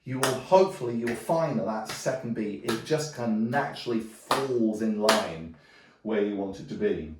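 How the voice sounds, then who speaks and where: A man teaching djembe in a relaxed, casual way, thinking aloud with frequent restarts. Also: on the low side, normal speed, very noisy. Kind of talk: casual music lesson. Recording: roomy sound from a distance, drumming around speech. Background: djembe drumming.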